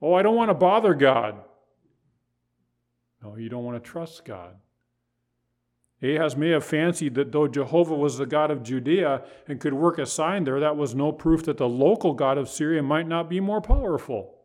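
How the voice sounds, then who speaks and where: A man's voice: on the high side, normal speed, a little mellow. Man preaching an emphatic sermon. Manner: emphatic preaching with rhetorical questions. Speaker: pastor.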